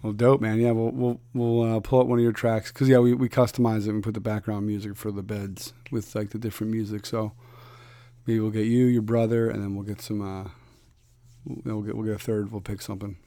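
A man's voice: lowish voice, little pitch movement, brisk, dark tone. A man from Philadelphia hosting a podcast, chatting casually with a guest, laid-back and rambling with lots of fillers and restarts. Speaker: podcast host. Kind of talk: casual interview chat.

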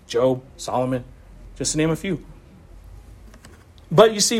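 High-voiced man preaching casually. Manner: conversational preaching with asides and laughs. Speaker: pastor. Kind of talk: sermon. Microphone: video call.

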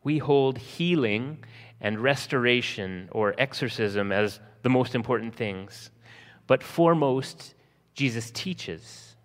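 A man preaching a sermon, slowing for emphasis and acting out scenes from the text in lively voices. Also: medium pitch, long reverb tail. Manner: lively storytelling, acting out disciples' panic in a raised voice. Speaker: pastor.

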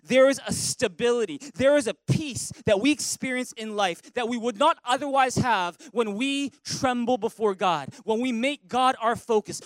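A man preaching a sermon as a pastor, animated, acting out worried voices and leading the congregation in call-and-response. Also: very high-pitched, no echo, poor audio. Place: church sanctuary.

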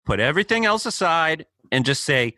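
A man's voice: a little high, sing-song, a little fast, bright, forceful tone, no room sound. A man co-hosting a podcast in casual chat, building his points thoughtfully and checking in with his partner. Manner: thoughtful, builds arguments with "right?" and "you know". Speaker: podcast co-host.

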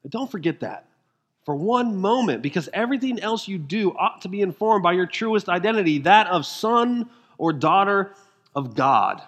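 High-voiced preaching man, emphatic. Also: big pitch swings, moderate pace. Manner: emphatic, asks the congregation rhetorical questions; swings between quiet intensity and rising fervor. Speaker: pastor. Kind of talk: sermon.

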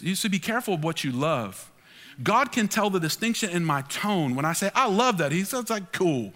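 Emphatic pastor preaching in a hall. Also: male voice, high-pitched, moderate pace. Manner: emphatic, animated preaching with acted-out quotes. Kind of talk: sermon. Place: large church hall. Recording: long hall reverb.

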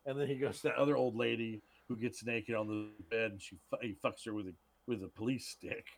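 A man's voice: mid-range voice, fairly even intonation, a little fast, vocal fry. A man co-hosting a podcast, rambling crudely about a film and retelling its scenes. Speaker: podcast co-host. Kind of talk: casual film chat.

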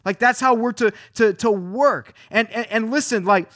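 Guy pastor with a pretty high voice, preaching, repeats himself a lot, lots of rhetorical questions, dry close sound. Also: normal speed, a bit bright, no room sound. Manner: emphatic, repeats phrases, asks many rhetorical questions. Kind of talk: sermon.

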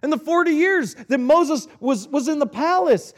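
A man's voice: very high-pitched, animated, moderate pace, hardly any pauses. A male pastor preaching a sermon, reading scripture aloud and retelling it in earnest, conversational words.

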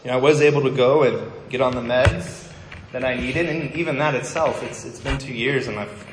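A man's voice: mid-range voice, steady tone, normal speed, background noise. A male pastor giving a sermon, telling a personal story in a candid, conversational way with wry asides. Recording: echoey hall with long reverb.

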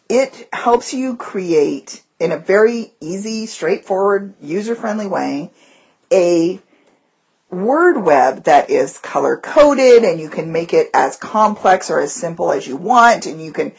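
Husky-voiced teacher woman chatting. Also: lowish voice, takes it slowly, muffled recording. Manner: animated storyteller, breaks into voices. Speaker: podcast co-host, teacher. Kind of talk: casual chat.

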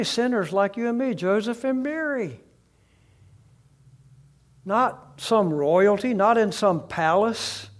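A man preaching outdoors with a fairly high voice. He takes his time over every phrase, lets words hang, and drops into soft, hushed tones for emphasis. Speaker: pastor. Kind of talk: sermon. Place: outdoors beside a tree.

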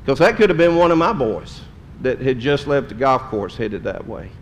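A man's voice: mid-range voice, very animated, moderate pace, a little hiss or hum. A middle-aged man, a pastor telling a story in a sermon in a folksy, emotional way. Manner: folksy, emotional storytelling with drawled Southern phrases.

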